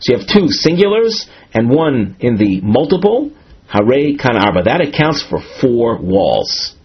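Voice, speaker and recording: A man explains a Talmud passage in a careful, methodical teaching voice, restarting phrases as he goes. His voice is somewhat husky and moves lively up and down in pitch. The recording sounds dull and lo-fi. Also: measured pace. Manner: methodical, with frequent restarts and Hebrew terms. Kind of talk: explanatory study lesson.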